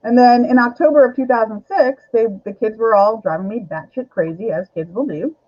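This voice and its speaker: A woman's voice: fairly high pitch, brisk. Middle-aged woman, talk show guest, candid rambling storyteller, dull lo-fi audio.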